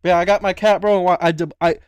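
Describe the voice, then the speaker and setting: Excitable high-voiced young streamer guy. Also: fast talker, clean tone, no room sound, highs cut off. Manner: excitable, slangy, keeps saying bro. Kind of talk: casual reaction stream.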